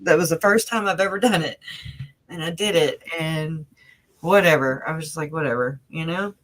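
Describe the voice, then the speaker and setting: A woman's voice: sits low, normal speed, fairly bright tone, poor audio. A woman speaking as an interview guest on a video call, rambling and earnest, with many fillers and restarts. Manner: emotional, earnest. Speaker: interview guest, family member of the victims. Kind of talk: casual conversational interview.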